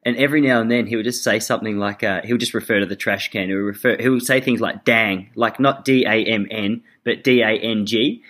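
A man's voice: on the low side, fairly even intonation, a little fast, few pauses, a bit bright. An Australian man hosting a podcast, laid-back and chummy, often laughing with his guest. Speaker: podcast host. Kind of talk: casual chat.

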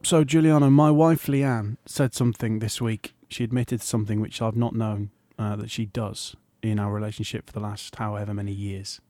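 A middle-aged man, co-hosting a podcast and telling an animated anecdote, often laughing and acting out other people's voices. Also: on the low side, normal speed, hardly any pauses, dry recording, studio quality. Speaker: podcast co-host. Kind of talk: casual storytelling chat.

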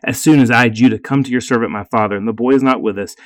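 A man reading scripture aloud at a deliberate pace, with brief plain asides explaining the passage. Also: medium pitch, no room sound.

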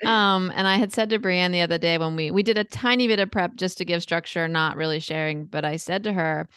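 A woman's voice: on the low side, brisk, fairly bright tone, clear, resonant tone, no echo, studio quality. A woman co-hosting a podcast, talking about a book in a thoughtful, affirming way. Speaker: podcast co-host. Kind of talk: casual podcast book discussion.

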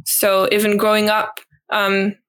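A woman's voice: mid-range voice, completely flat delivery, unhurried, a bit bright. A young woman whose first language is French, speaking with a British twang as a guest in a casual interview. She is thoughtful and hesitant, with many ums and light laughs. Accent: British English twang. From French-speaking country. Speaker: guest, au pair.

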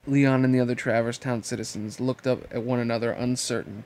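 A man's voice: mid-range voice, fairly even intonation, a little fast, hardly any pauses, a little mellow. A man reading a novel aloud and then chatting casually, swearing freely and enthusiastic. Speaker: reader and host.

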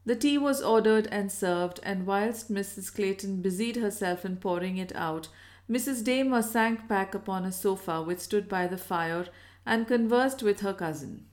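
A woman narrates a Victorian story in a measured, even audiobook manner. Her pitch sits in the middle range for a woman, and her delivery stays soft and steady. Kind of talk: scripted narration.

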